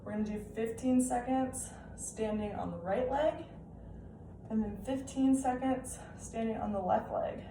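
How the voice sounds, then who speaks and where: A young female fitness instructor leads a live-style home workout from a room at home, her fairly high voice a little slow. Upbeat, chatty and encouraging, she checks in with "okay?", recorded off-mic in an echoey room with faint background hiss.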